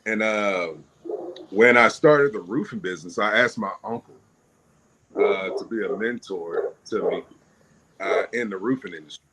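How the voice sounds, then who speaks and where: Lively man telling stories on a podcast. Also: lowish voice, normal speed, noisy background. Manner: animated, laughing storyteller. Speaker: podcast guest, businessman. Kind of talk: casual storytelling.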